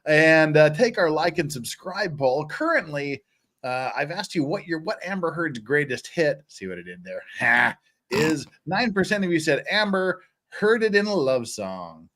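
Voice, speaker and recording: A man's voice: a little high, measured pace. A man hosting a casual livestream, joking and laughing with his guests and asking viewers to hit the like button. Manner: animated, jokey, laughing often. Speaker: livestream host.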